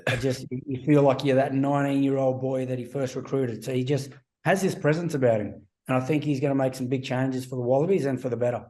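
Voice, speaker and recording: Mellow-voiced man telling stories. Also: medium pitch, fairly even intonation, fast talker, hardly any pauses. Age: 40s. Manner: anecdotal storytelling, acts out quoted voices. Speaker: podcast guest, former rugby player. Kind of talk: casual podcast interview.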